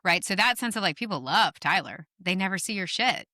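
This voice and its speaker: A middle-aged woman guest on a podcast, telling stories in an animated, emphatic way and swearing casually. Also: mid-range voice, brisk, no room sound, studio quality. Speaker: guest author. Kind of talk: podcast conversation.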